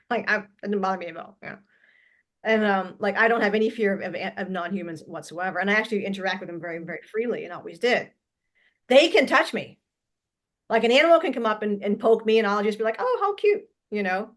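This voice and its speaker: A woman hosting a casual conversation, speaking haltingly and letting her sentences trail off into quiet. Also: mid-range voice. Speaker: host.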